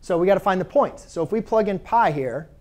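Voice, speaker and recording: A man's voice: sits high, expressive, brisk, a little mellow. Man teaching a math class. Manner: conversational, asks students questions, self-correcting. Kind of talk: classroom lecture.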